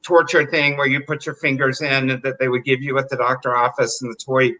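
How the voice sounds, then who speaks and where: Bright-voiced chatty male storyteller. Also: medium pitch, a little fast, slight background noise, poor audio. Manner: animated, chatty, filler-heavy. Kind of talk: live storytelling.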